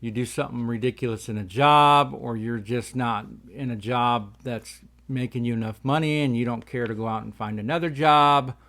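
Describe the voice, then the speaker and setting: A man's voice: mid-range voice, normal speed, hardly any pauses, fairly bright tone. A man hosting a casual talk show, rambling and folksy while talking around tobacco in his mouth. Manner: rambling, folksy, says "y'all". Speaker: host.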